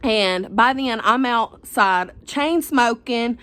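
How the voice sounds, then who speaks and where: A woman's voice: on the high side, slow, sharp tone, no room sound. A young woman, telling a personal story to the camera in a chatty, dramatic, slangy way. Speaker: vlogger.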